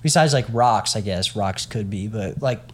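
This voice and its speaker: A man's voice: on the low side, normal speed, a little hiss or hum. Casual rambling young-sounding man. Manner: rambling storyteller, lots of "like" fillers. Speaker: podcast co-host. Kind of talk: casual chat.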